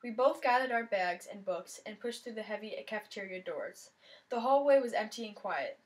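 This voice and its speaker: A woman's voice: medium pitch, expressive, moderate pace, poor audio. A woman reading a mystery novel aloud, telling the story in the first person with plenty of expression. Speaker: reader of a novel.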